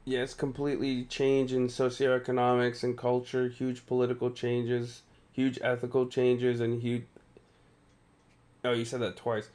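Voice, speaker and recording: A man's voice: medium pitch, monotone, measured pace, a little mellow. A tired male streamer giving casual live gameplay commentary, chatting with viewers and laughing often. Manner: chatty, reads and answers viewer chat, frequent laughs.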